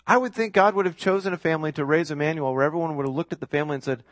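A man's voice: on the high side, steady tone, very fast, a bit bright, no room sound. Emphatic male preacher, dry close sound. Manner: emphatic, repeats key phrases for effect. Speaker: pastor. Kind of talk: sermon.

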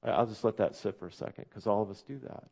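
Low gravelly-voiced male pastor preaching. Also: fast talker, a little mellow. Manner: conversational, asks the congregation direct questions. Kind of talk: sermon.

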